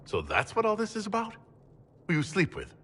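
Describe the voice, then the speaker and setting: An actor playing a male Inquisitor, a calm leader who speaks in a dry, level, wry manner. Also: high-pitched, a little fast, a little hiss or hum, heavily acted. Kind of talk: game character dialogue.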